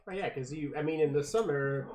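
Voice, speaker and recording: A man chatting casually in a group, telling relaxed, meandering stories about home. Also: fairly high pitch, fairly quick, crowd noise.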